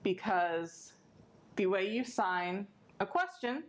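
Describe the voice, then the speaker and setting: A woman librarian, teaching a step-by-step sign language lesson in a friendly, clear way. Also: mid-range voice, sing-song, takes it slowly. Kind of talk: instructional video lesson.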